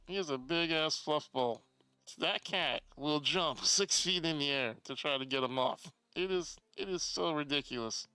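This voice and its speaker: Chatty male streamer with a slightly high, very clear voice, reads chat aloud, swears freely; dry home setup. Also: bright, forceful tone, dry recording, poor audio. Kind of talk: casual live-stream chat.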